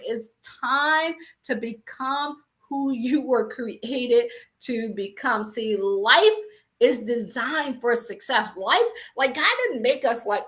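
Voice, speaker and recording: A woman's voice: sits high, a bit bright. A woman coaching faith-based business owners in a live-streamed talk, speaking emphatically, repeating lines for effect and slipping into playful mock voices. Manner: emphatic, repetitive, exhorting. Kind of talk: motivational preaching to a live-stream audience. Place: recorded for an online show.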